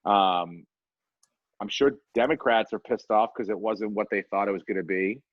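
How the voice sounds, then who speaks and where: A man's voice: lowish voice, normal speed, dry recording, muffled recording. A man in his forties hosting a podcast in casual chat, rambling and profane with self-deprecating asides. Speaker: podcast host.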